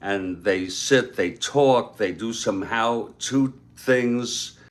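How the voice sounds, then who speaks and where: A man casually retelling a story he wrote, stopping for asides and fillers. His voice is on the low side and his delivery is slow and unhurried.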